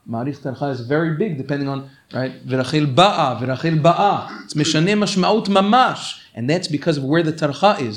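Emphatic man teaching a religious law class. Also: a little high. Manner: earnest, rapid-fire reading of quoted texts then slower explaining; emphatic, repeatedly urging listeners to pay attention. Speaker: Torah teacher.

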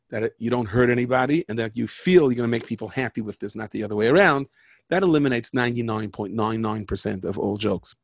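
In a low, gravelly, darkish voice, a man spins stories and parables mixed with jokes, rambling and interrupting himself as he goes. The recording is dry and studio-clean.

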